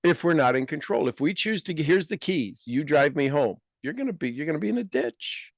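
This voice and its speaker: A man hosting a casual podcast conversation as a life coach, talking in an emphatic, blunt and animated way. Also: a little high, fairly quick, vocal fry, dry recording, clean studio sound.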